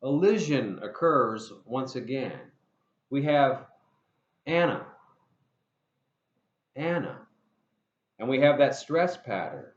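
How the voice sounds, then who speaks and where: A man gives a pronunciation lesson at an unhurried, measured pace, modeling each sound with care and drilling short phrases over and over. His voice sits in a middle register. The recording is roomy and a little dull. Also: mid-range voice, big pitch swings. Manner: slow, deliberate modeling of sounds, spelling words out and repeating drill phrases. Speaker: English pronunciation teacher.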